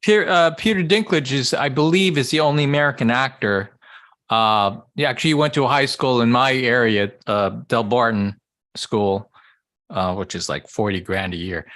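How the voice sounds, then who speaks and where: A man sharing information hesitantly in a casual group discussion, peppered with pauses. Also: medium pitch, a bit bright. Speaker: table read participant.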